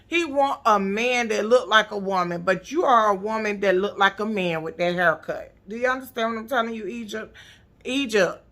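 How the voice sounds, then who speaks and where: A woman recapping a reality show in a blunt, profane, animated casual rant. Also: mid-range voice, moderate pace.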